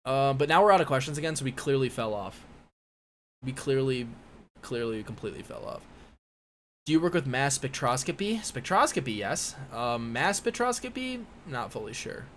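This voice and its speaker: A man's voice: mid-range voice, sing-song, moderate pace, slight background noise. A man in his twenties from the United States, hosting a casual live-stream Q&A and reading chat questions aloud. He rambles, with many fillers and restarts. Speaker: live-stream host, physics PhD student. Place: indoor room with a window.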